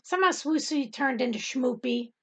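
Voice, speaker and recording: A woman's voice: sits high, moderate pace, husky. A middle-aged woman telling a rambling testimony in casual talk, with many ums and frequent laughter. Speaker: Bible study host and teacher.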